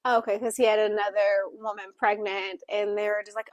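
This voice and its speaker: A woman co-hosting a book club, voicing for a Deaf co-host in a casual, animated plot summary full of fillers and acted-out quotes. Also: medium pitch, brisk, few pauses, dry recording.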